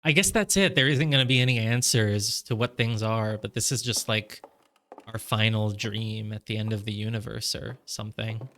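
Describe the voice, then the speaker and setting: A man giving casual let's-play commentary. He thinks out loud, peppers his talk with "like," and slips soft laughs between thoughts. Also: on the low side, normal speed. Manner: musing aloud, heavy on "like" fillers. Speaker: gamer playing through a game.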